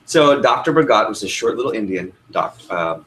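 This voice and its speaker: A young male trainer speaks to a live room of trainees in a slightly low voice. He tells stories and keeps asking the group questions. A faint hum of room noise sits under him. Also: moderate pace, rough recording. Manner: lively storyteller, asks the room questions. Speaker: sales trainer. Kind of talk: workshop teaching with a story.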